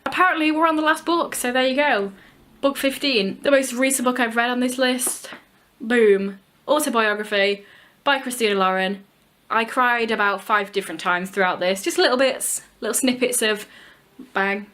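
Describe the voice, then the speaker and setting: Young woman book vlogger, slightly high voice, chatty and emphatic, casual swearing. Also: normal speed, a bit bright. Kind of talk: casual book review chat.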